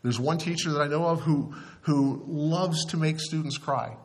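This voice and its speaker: A man's voice: fairly high pitch, normal speed. An older man, a pastor, preaching an earnest, conversational sermon in church with frequent restarts.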